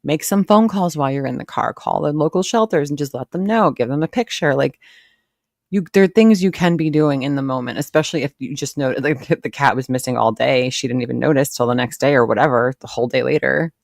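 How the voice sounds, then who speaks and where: Sarcastic woman streamer with a gravelly voice. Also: very deep voice, a little fast, a little mellow, dry recording, studio quality. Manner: blunt, sarcastic, swearing freely. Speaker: live reaction streamer. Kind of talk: casual live reaction commentary.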